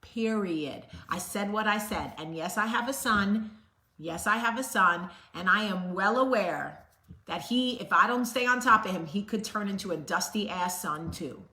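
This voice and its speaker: A woman's voice: medium pitch, normal speed, sharp tone, a little hiss or hum. A woman host giving a blunt, sassy motivational talk straight to the camera. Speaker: vlog host. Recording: roomy echo.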